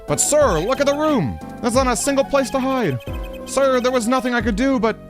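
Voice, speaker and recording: A man voicing a jittery, loud male police bailiff who stammers and keeps saying sir. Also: very high voice, lively intonation, normal speed, music in the background. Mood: nervous blustering.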